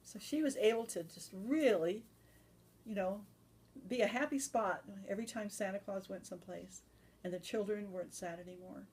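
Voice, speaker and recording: A woman's voice: mid-range voice, moderate pace, darkish tone. A woman telling an improvised story to children, loose and chatty with restarts.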